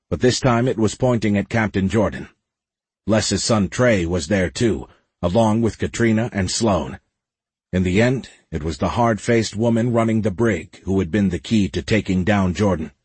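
A man narrating an audiobook in a steady, dramatic storytelling way with a husky voice. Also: on the low side, normal speed, dry recording. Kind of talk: scripted narration.

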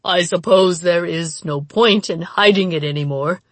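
A woman's voice: lowish voice, measured pace, no room sound. A woman voicing an older male village headman who pleads in a shaking, terrified voice. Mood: resigned.

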